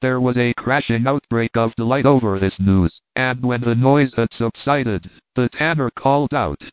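A man's voice: medium pitch, moderate pace, few pauses, no echo. Man narrating on a tinny line. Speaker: audiobook narrator. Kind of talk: scripted narration. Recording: dry, tinny phone-like sound.

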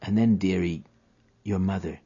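A man's voice: deep voice, fairly even intonation, moderate pace, creaky, mellow, husky, muffled recording, full character voice. A man doing a weary dying frontiersman. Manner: weary drawling rustic dialect.

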